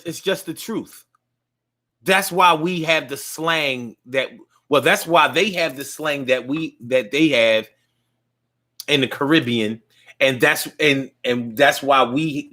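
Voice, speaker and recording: A man's voice: medium pitch, a bit bright. A man talking in a casual monologue, rambling along with frequent restarts and fillers.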